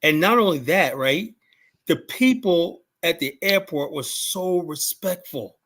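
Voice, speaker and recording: An American man telling a story in casual conversation, his voice sitting a little higher than most men's. He swears often and acts out what people said to him. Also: measured pace. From United States. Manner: profane, animated storytelling with quoted voices. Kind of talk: casual chat.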